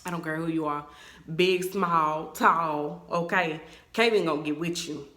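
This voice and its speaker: A young woman tells her viewers a story, animated and emphatic. Her voice is bright and forceful, and it bounces around an echoey room. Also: low-pitched, unhurried. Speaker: vlogger. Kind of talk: storytime vlog.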